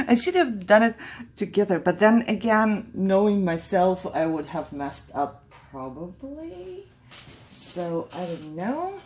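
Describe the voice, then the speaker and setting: A woman's voice: medium pitch, big pitch swings, takes it slowly, darkish tone, slight background noise. A woman hosting a casual craft tutorial, chatty and thinking aloud, laughing at her own mistakes as she works.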